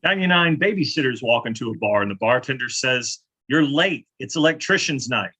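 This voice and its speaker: A man improv player delivering pun jokes in a wry, deadpan way. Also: mid-range voice, brisk, husky, poor audio. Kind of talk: casual joke telling.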